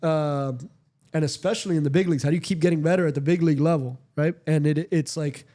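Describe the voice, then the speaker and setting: Male podcast host, casual and meandering, mellow tone, swears offhand. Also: a little high, fairly even intonation, fast talker. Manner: rambling, frequent fillers and profanity. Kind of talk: casual chat.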